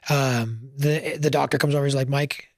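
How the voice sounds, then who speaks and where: A man's voice: mid-range voice, fairly even intonation, normal speed, creaky, a little mellow, no room sound, studio quality. A man telling his story in a casual interview, earnest and emotional, at times choking up. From Canada. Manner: earnest, emotional, gets choked up. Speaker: firefighter guest.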